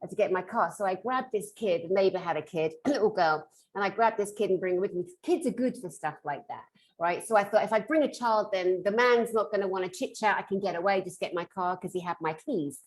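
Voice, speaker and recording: A woman, a conference panelist, telling a lively personal story over a video call, swinging between loud and hushed delivery. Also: mid-range voice, a little fast, slight background noise, rough recording.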